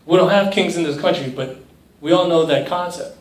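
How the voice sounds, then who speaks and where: Here the youth pastor, a young man with a brisk, higher-pitched voice, gives a chatty sermon to his youth group. Frequent "right?" check-ins and quick impressions of other voices run through it, recorded from afar in a room full of echo.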